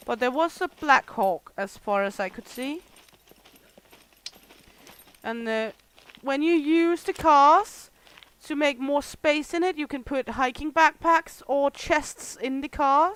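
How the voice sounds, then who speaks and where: A woman's voice: high voice, a bit bright, clean tone. A young adult woman whose first language is Danish, explaining game features and listing items on a gameplay livestream. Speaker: streamer. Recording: noisy game audio behind.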